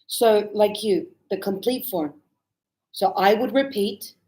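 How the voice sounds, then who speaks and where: A woman teaching a relaxed spoken lesson, chatty and animated as she tells stories and laughs often. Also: medium pitch, takes it slowly. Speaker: English teacher. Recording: echoey room.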